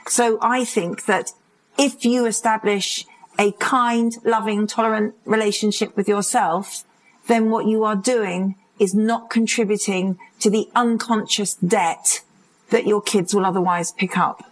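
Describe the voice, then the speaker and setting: A woman's voice: mid-range voice, a little slow, rough recording. A woman in her fifties, a parenting and addiction expert, talking in a live interview and acting out little quotes as she goes. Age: 50s. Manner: animated storytelling with acted-out quotes and laughs. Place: conference stage.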